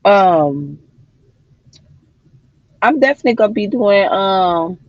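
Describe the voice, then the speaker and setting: A woman's voice: medium pitch, lively intonation, takes it slowly, no room sound. A woman talks loosely on her livestream, cussing freely and calling her viewers y'all and child. Her voice is dry and close, with a slightly dull, lo-fi sound. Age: adult mother of daughters. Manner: chatty, swearing, addressing viewers as y'all and child. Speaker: livestream host. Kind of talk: casual livestream chat.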